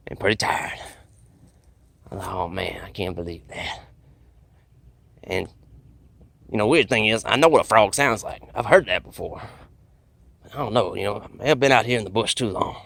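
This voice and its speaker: A man with a low, gravelly voice and a bright, forward edge spins a rambling, folksy tale. He talks in a drawling, deadpan comic storytelling manner. The recording is dry and close, with no room sound. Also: dry recording. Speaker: comedic bushman storyteller. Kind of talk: deadpan comedic monologue.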